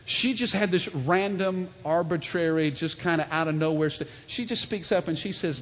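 A man in his thirties preaches in a church, his fairly high voice ringing out. He tells stories with animation and keeps calling on the congregation to answer back. A long reverb trails behind him in the sanctuary. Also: moderate pace, few pauses, slight background noise. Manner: animated, storytelling, calls for audience response. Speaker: pastor. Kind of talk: sermon.

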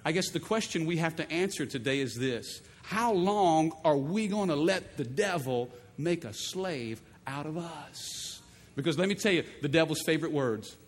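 A middle-aged man, a pastor, preaching a sermon in a playful, animated call-and-response manner in a large church. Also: on the high side, moderate pace, hardly any pauses. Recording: long reverb of a big hall.

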